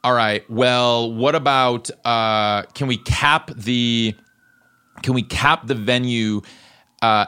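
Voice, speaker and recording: A man hosting his own show, telling a story in an animated, profane way and acting out the people he quotes. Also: mid-range voice. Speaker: podcast host.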